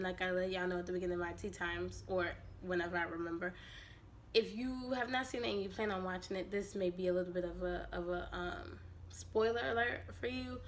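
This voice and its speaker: A woman vlogger with a raspy, hoarse voice from allergies, chatting casually and animatedly with her viewers. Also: medium pitch, slight background noise. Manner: chatty and animated, quick asides.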